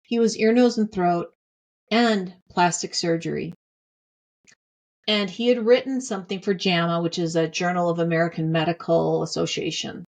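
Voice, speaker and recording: A middle-aged woman hosts a podcast, candidly and heartfeltly sharing a personal story and repeating phrases for emphasis. Her voice is fairly low, creaky and a little mellow, with a steady tone at a normal speed.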